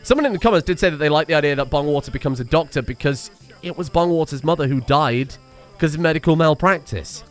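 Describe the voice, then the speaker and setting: A man giving excitable, sweary let's play commentary and yelling at the game. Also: a little high, quick pace, faint music behind. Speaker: game streamer.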